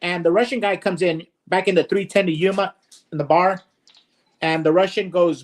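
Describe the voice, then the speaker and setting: A man's voice: sits high, fairly even intonation, normal speed. A man hosting a casual, joking conversation and telling long jokes. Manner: joke-telling storyteller, playful teasing. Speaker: host.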